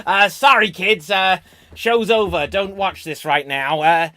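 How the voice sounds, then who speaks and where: A man voicing a crude, rowdy cartoon clown with a shrill cackling voice. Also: unhurried. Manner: shrill cackling, loud, goofy.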